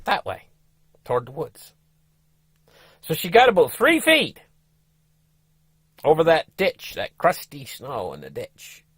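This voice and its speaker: A man's voice: fairly high pitch, wildly swooping pitch, slow, long pauses, fairly bright tone, breathy edge, no echo. A man who is a travel vlogger, telling a story in a casual, folksy, rambling way with restarts and asides to the viewers.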